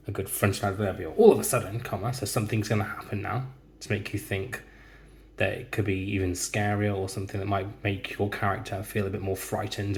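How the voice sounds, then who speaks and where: Male teacher, low-ish voice, slow and deliberate, dictates writing while typing, faint hiss behind. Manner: slow, deliberate dictation, speaking punctuation aloud.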